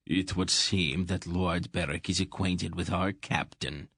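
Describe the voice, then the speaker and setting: A man reading an audiobook, voicing a calm, courtly earl who speaks in measured, reassuring tones. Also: sits low, breathy edge, no room sound, clean studio sound, full character voice. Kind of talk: audiobook character voice.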